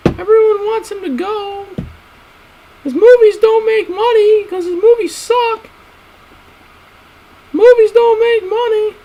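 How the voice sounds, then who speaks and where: A man doing a shrill squeaky ranting voice. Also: fairly even intonation, takes it slowly, long pauses, dark tone, slight background noise, rough recording. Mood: indignant. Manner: rants breathlessly, repeats himself. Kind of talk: comedic put-on voice on a stream.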